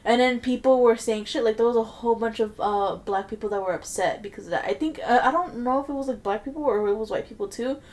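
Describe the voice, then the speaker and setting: A woman co-hosting a podcast in casual chat, talking in an animated way with frequent swearing and quick outbursts. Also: fairly high pitch. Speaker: podcast co-host.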